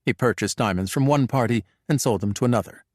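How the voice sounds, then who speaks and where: In a close-miked, dry recording free of echo or room sound, a man reads a suspense thriller audiobook. His delivery is measured and level, his pitch medium.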